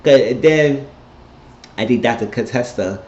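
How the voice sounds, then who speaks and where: A man recapping a TV episode in a casual monologue, blunt and profane, telling it with animated energy. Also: mid-range voice, a little slow, slight background noise. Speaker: TV episode reviewer. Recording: echoey, dull lo-fi room sound.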